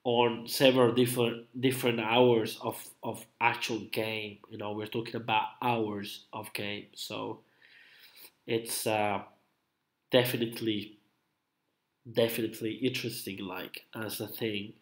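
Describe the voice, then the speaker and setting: A man's voice: lowish voice, steady tone, slow. A man hosting a casual live stream, rambling and hesitant with many fillers, coughing from a cold. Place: home room at night. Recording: roomy echo.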